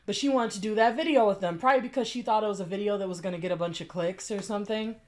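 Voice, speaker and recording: A woman's voice: medium pitch, racing. A woman giving a blunt, exasperated reaction commentary, cussing as she picks apart someone's story. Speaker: commentary YouTuber.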